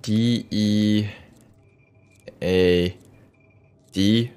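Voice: mid-range voice, steady tone, very slow, a little mellow, clean tone. A streamer giving live commentary over a horror game, reactive and prone to shrieking. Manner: reactive, swings from mumbling to shrieking.

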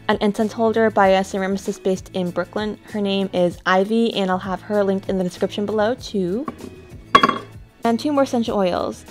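A young lifestyle vlogger sits on her bed and talks to camera, chatty and upbeat, going through items one at a time. Her voice is medium-pitched with a darkish tone.

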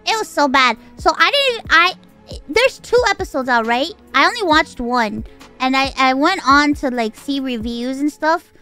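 A woman's voice: high-pitched, expressive, moderate pace, bright, forceful tone, faint music behind. A woman streamer in a casual livestream rant, exasperated and swearing, firing off incredulous rhetorical questions.

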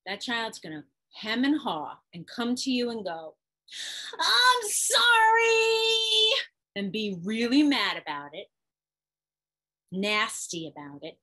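Woman host with a husky voice, animated teacher who acts out examples for parents. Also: mid-range voice, a little slow, rough recording. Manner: expressive, acts out parent and child. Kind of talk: instructional talk to camera.

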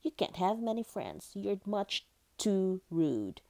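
A woman's voice: fairly high pitch, sing-song, moderate pace, warm tone, pitched above the performer's own voice. A woman voicing a shy but brave little male seal pup in an eager, childlike voice. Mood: indignant.

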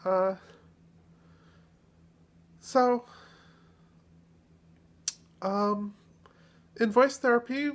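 A woman chatting casually in a vlog, relaxed and self-deprecating, pausing often as she thinks. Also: on the high side. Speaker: video blogger.

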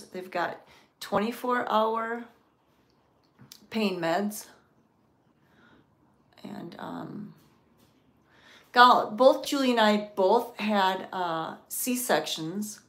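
A woman touring a cat sanctuary in a casual vlog, cooing to the cats in high baby talk and sometimes whispering. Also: very slow, pauses often.

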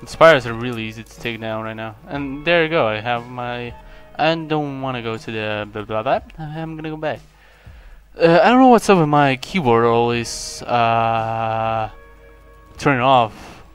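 A young man from Lithuania, whose first language is Lithuanian, rambles through casual gameplay commentary at a middle pitch. He mocks himself and breaks into sudden excited yelps. Faint game music plays underneath. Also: unhurried. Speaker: gaming channel host.

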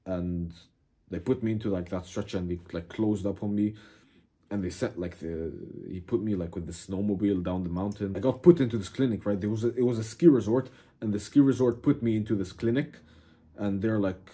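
A young man casually telling a dramatic personal story to camera, animated, cursing and calling the listener "bro". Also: on the low side, moderate pace, slightly rough. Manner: animated, swears a lot, keeps saying "bro". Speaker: vlogger.

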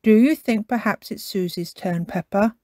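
A woman reading a storybook aloud and voicing a patient father pig who speaks calmly and gently coaxes. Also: medium pitch, normal speed, no echo, studio quality, close to an everyday voice. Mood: kindly.

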